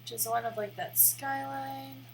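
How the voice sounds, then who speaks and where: A woman's voice: sits high, fairly even intonation, a little slow, vocal fry, slight background noise, low-quality recording. A woman with a Midwestern accent, chatting casually on a livestream as she works on her screen, rambling and self-deprecating. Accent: American Midwest. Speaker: live streamer. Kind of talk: casual livestream chat while working on screen.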